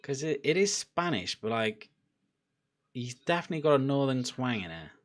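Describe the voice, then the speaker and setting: A young man chatting casually during a live football watchalong, laughing and bursting out loudly at chances. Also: medium pitch, normal speed. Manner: excitable, laughing, loud outbursts at chances. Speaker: football fan streamer.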